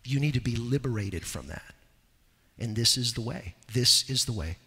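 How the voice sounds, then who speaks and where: A man preaching an expository sermon as pastor, moving between loud, urgent exhortation and low, quiet earnestness. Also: lively intonation, normal speed, breathy edge, big-room sound. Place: church sanctuary.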